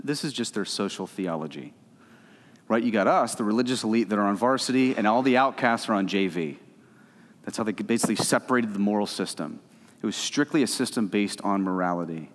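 A man preaching a sermon as pastor, animated and emphatic, swinging between loud stretches and soft, low ones. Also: a little fast. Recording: reverberant hall.

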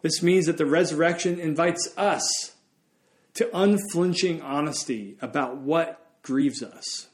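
Man preaching an earnest sermon, pitched high. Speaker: pastor.

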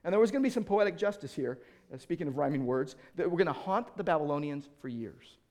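A middle-aged male pastor preaching an animated sermon, acting out quoted voices and often restarting his sentences. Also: fairly high pitch, quick pace.

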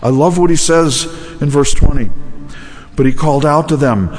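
A man's voice: fairly high pitch, normal speed, long pauses, a little mellow, long reverb tail, faint music behind. A man preaching a sermon as pastor, telling stories with self-deprecating humor and acting out quotes. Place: church sanctuary.

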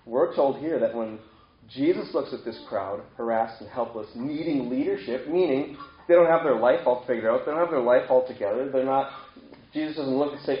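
A man's voice: mid-range voice, normal speed. A man gives a sermon in a loose, conversational way and keeps putting questions to his listeners. His voice rings in an echoey room, and the recording sounds dull and lo-fi. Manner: conversational preaching with rhetorical questions. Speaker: pastor.

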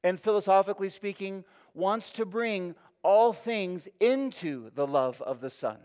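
Preacher in a long-reverb hall. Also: male voice, high-pitched, a little slow, darkish tone, smooth. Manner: emphatic, rising and falling, repeating phrases for effect. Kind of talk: sermon.

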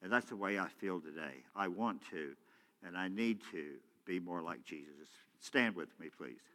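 A man preaching a sermon as pastor, swinging from loud shouting to hushed prayer. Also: sits low, animated, moderate pace. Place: church sanctuary. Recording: church hall with long reverb.

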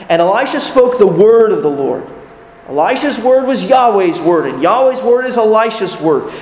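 A man's voice: sits high, big pitch swings, moderate pace, a little mellow. A man preaching a sermon as a pastor, earnest in tone, putting rhetorical questions to his listeners. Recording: echoey hall with long reverb.

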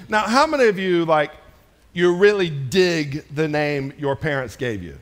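A joking, chatty pastor preaching. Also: male voice, a little high, animated, unhurried, a bit bright. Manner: conversational and joking, addressing a congregation. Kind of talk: sermon.

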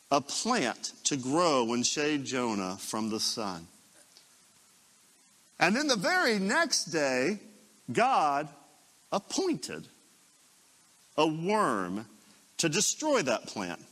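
A man preaching a sermon as a pastor, telling the story dramatically and dropping into hushed asides. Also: a little high, big-room sound.

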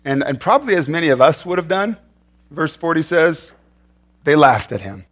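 A man's voice: on the high side, sing-song, normal speed, fairly bright tone. A man preaching a sermon in a conversational way, often repeating words and restarting. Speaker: pastor.

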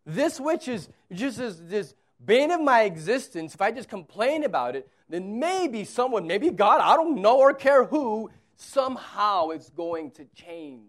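Pastor, man, 30s, high-pitched voice; casual sermon, quiet asides and loud repeated emphasis. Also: sing-song, measured pace, few pauses. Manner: conversational preaching, swings from quiet to loud emphatic repetition.

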